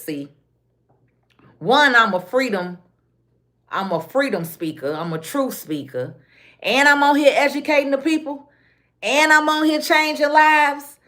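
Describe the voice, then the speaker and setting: A woman's voice: fairly high pitch, a bit bright. A woman with a Chicago accent ranting on a casual phone livestream, blunt and repetitive, with street slang. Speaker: livestream host.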